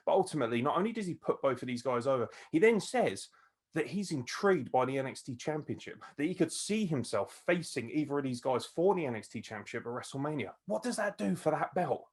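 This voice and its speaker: Excitable man ranting about wrestling. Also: on the high side, quick pace, husky. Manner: excitable, swears freely, laughs often. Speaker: podcast host. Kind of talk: casual wrestling review commentary.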